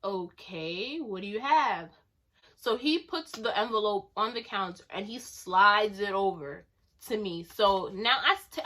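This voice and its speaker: A young woman telling a storytime vlog story in a casual, slangy way, animated and quick to burst out laughing. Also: medium pitch. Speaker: vlogger.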